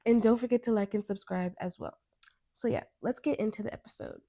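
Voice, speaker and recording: A woman's voice: on the high side, fairly even intonation, fairly quick, over loud music. A young American woman hosting her own podcast, talking through her thoughts in a rambling, earnest way, often cutting herself off mid-sentence. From United States. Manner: rambling, self-interrupting, earnest. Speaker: podcast host. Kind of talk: casual podcast monologue.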